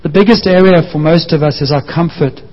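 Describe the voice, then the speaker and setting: A man's voice: fairly high pitch, fairly quick. A man preaching a sermon, sharing his own story in an earnest, personal way. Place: church. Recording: muffled echoing church hall.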